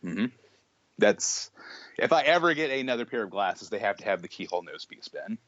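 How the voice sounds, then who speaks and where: A young man co-hosting a podcast, telling an animated story in casual chat, full of restarts and acted-out quotes. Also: fairly low pitch, moderate pace, muffled recording, a little hiss or hum. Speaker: podcast co-host.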